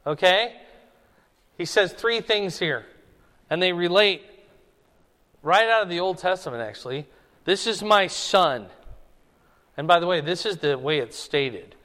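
A man's voice: high-pitched, normal speed, long pauses, a bit bright. A man preaching an expository Bible sermon, conversational and emphatic, pushing his voice up for stress. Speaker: pastor. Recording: long hall reverb.

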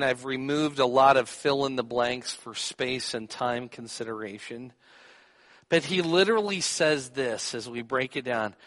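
A man's voice: mid-range voice, a bit bright, long reverb tail. A man preaching a sermon, teaching and putting questions to his listeners. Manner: teaching, asks the audience questions.

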